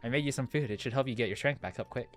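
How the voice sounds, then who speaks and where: Man reading as a teasing energetic young woman. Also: medium pitch, rapid-fire, faint music behind, natural voice. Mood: caring. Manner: teasing, lightly mocking.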